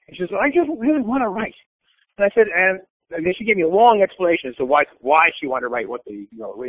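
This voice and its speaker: Older guy being blunt and opinionated, lively up and down voice, tinny phone sound. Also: on the high side, no room sound. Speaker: guest. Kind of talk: conversational interview.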